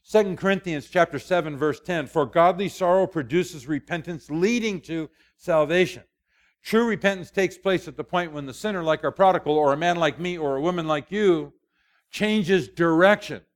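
Older male preacher, folksy storytelling sermon, slightly high voice, chatty asides. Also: normal speed. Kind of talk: conversational sermon.

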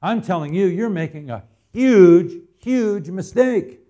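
A man from Arizona preaching in a church, his voice sitting a little high for a man. He moves from homespun storytelling into loud, emphatic appeals to the congregation. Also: animated, takes it slowly. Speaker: pastor. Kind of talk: sermon.

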